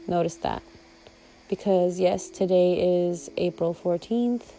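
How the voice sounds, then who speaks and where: A woman's voice: on the low side, slow pace, warm tone, slight background noise, low-quality recording. A woman vlogger talking casually and reflectively to her viewers, rambling a little and laughing now and then. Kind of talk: casual heartfelt monologue to viewers.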